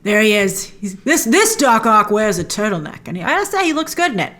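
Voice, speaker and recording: A woman hosting a trailer breakdown, chatty and opinionated, with excited asides. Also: medium pitch, a little fast. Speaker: host.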